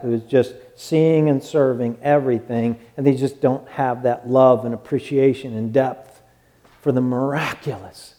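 A man preaching a sermon as pastor, swinging from loud exclaiming to hushed words. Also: mid-range voice.

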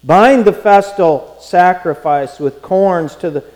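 High-voiced preacher in a reverberant hall. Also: male voice, slow pace. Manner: emphatic, rising to near-shouts in pleas. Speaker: pastor. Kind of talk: sermon.

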